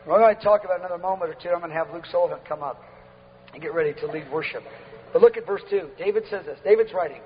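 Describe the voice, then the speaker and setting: Exuberant shouting preacher in a big hall. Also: male voice, high voice, fast talker, a little hiss or hum. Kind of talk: sermon. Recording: dull lo-fi recording with long hall reverb.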